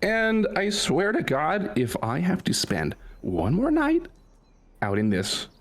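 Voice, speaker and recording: A man's voice: high voice, huge pitch swings, takes it slowly, pitched above the performer's own voice, exaggerated voice. A man playing a sulky teen scout girl. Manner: sarcastic, complaining. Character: sulky teenage girl scout who hates camping.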